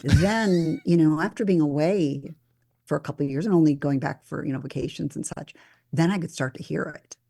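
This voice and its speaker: A woman's voice: sits low, brisk, gravelly, slight background noise. A woman from Minnesota, a former meteorologist, chatting as a guest and acting out quotes as she tells stories. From Minnesota, USA. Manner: animated storyteller who acts out quotes. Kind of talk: casual interview conversation.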